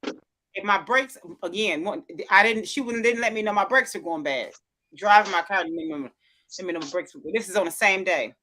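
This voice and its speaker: A woman's voice: medium pitch, brisk, pushed and bright. A woman telling a rambling story in casual livestream chat, restarting sentences often and voicing what others said. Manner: rambling storyteller, many restarts, voices quotes.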